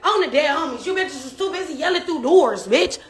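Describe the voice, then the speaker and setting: A woman's voice: high voice, lively intonation, a little fast. A woman from a reality show speaking straight to the camera, taunting and trash-talking with heavy swearing and bursts of laughter. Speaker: reality show cast member. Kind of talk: direct-to-camera rant.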